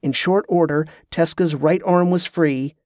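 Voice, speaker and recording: A man narrating a novel as an audiobook, in a steady, even storytelling manner. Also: on the high side, measured pace, dry recording, clean studio sound.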